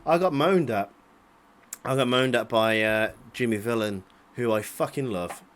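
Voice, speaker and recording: A man's voice: mid-range voice, a little slow, very noisy. A man in his late twenties giving casual, rambling commentary over old video clips, swearing freely and chuckling to himself. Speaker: vlogger.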